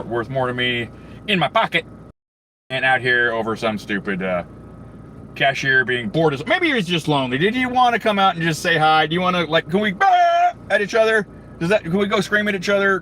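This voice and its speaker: A man's voice: a little high, pushed and bright, a little hiss or hum. A man hosting a livestream, ranting crudely and angrily in a rambling way full of fillers and restarts. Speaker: livestream host. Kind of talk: profane ranting monologue.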